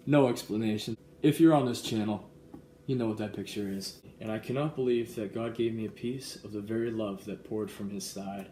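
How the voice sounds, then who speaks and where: Young male vlogger, earnest and excitable, lowish voice, echoey room with faint ambience. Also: moderate pace, slight background noise. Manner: earnest and excitable, reads verses aloud. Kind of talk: casual vlog, reading a gift card aloud. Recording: roomy echo with faint ambience.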